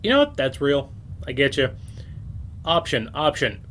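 A man's voice: medium pitch, very animated, unhurried, fairly bright tone, slight background noise. Man, let's-play commentator, rambling and self-mocking, casual swearing. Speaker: game streamer.

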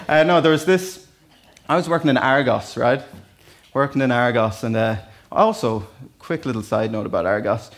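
A man's voice: medium pitch, normal speed. An Irish man preaching a sermon in a church, talking to the congregation in a conversational, storytelling way with asides. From Ireland. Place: church hall.

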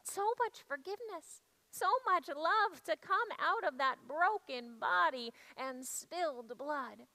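A woman telling a church story as a first-person dramatic monologue, hushed and reflective. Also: high-pitched, lively intonation, slow, low-quality recording.

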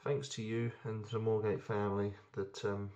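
A man's voice: on the low side, little pitch movement, normal speed, mellow. A young man chatting casually and enthusiastically while reviewing beers, rambling with plenty of ums. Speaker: beer reviewer. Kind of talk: casual beer review vlog.

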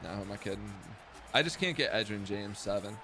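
A young man giving loud, profane, self-mocking commentary while streaming a football video game. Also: fairly low pitch, animated, fast, music in the background. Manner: profane, self-mocking trash talk with sudden outbursts. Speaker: gaming streamer. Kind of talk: live gameplay commentary.

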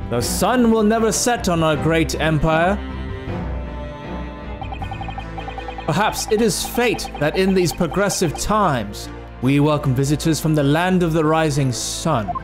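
A man's voice: a little high, lively intonation, moderate pace, over music, lightly acted. A man putting on a pompous British old judge. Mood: proud. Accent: put-on British, mixed. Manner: stately, proud declarations. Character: pompous older male British high judge.

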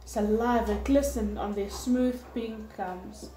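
A woman teacher reading a novel aloud in steady storybook narration. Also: on the high side, takes it slowly. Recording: echoey room with faint hiss.

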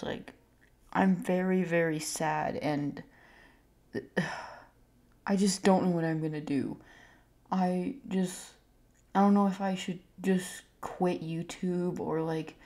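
A young woman YouTuber talking to her viewers in a halting way, full of fillers and sighs, close to tears. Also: deep voice, a little mellow. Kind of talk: emotional vlog to viewers.

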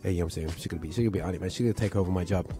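A Birmingham man hosts a gospel show, chatting casually and rambling in slangy speech packed with filler phrases. His voice is low and warm, and he talks at a racing pace over faint background music.

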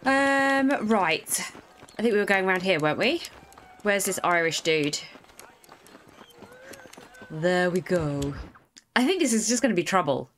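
A woman's voice: on the low side, expressive, a little slow, long pauses, fairly bright tone, slight background noise. Chatty woman playing a game. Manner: chatty and playful, laughing often. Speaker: gaming streamer. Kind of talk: casual Let's Play commentary.

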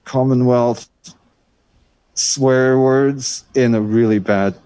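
A man's voice: medium pitch, fairly even intonation, takes it slowly, dark tone, smooth, no room sound. A middle-aged man from Germany with a German accent, chatting loosely as a guest in an interview, with lots of fillers and restarts. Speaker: guest jazz drummer. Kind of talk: casual interview chat.

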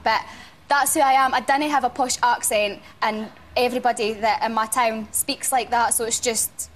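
A woman's voice: on the high side, fairly even intonation, normal speed, a little hiss or hum. A young woman from Scotland with a strong Scottish accent, speaking bluntly and laughing often in a studio interview. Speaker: evicted reality show contestant. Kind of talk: casual chat interview.

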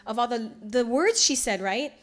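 A woman giving a lecture, telling stories in an animated way and acting out the voices of people she quotes. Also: a little high, normal speed. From Hawaii. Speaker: lecture presenter. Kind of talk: storytelling lecture.

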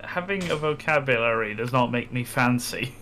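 A man co-hosting a game stream, with dry deadpan quips. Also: mid-range voice, moderate pace, slight background noise. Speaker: co-host. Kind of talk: casual game stream chat.

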